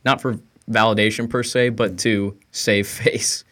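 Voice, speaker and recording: A man's voice: fairly low pitch, level tone, measured pace, fairly bright tone. A man co-hosting a casual podcast chat, mostly agreeing and adding crude remarks. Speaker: podcast co-host.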